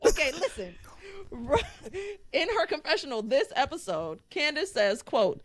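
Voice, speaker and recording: A woman's voice: high-pitched, sing-song, unhurried, no echo. A woman co-hosting a pop culture podcast, telling gossip in an emphatic, playful, profane way. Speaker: podcast co-host. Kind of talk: casual chat.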